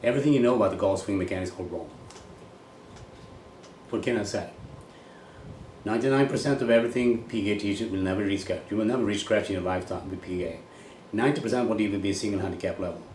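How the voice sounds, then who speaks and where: A golf coach from Sweden, low-pitched with a Swedish accent, delivers a blunt, rambling monologue at a quick pace, pausing often and swearing casually. His darkish voice sounds distant from the mic, set in an echoey room with a faint background hum.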